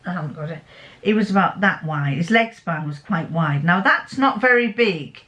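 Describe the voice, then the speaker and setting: A woman's voice: lowish voice, expressive, moderate pace, fairly bright tone, dull audio. A middle-aged woman chatting casually in a sewing vlog, rambling fondly through a homely story. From England. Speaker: sewing vlogger. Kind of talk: casual chat.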